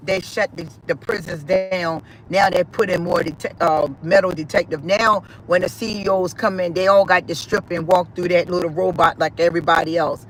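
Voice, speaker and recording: A woman's voice: fairly low pitch, normal speed, few pauses, a little hiss or hum, low-quality recording. A middle-aged woman, giving a personal spiritual testimony in an emphatic, repetitive, emotional way. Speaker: spiritual speaker.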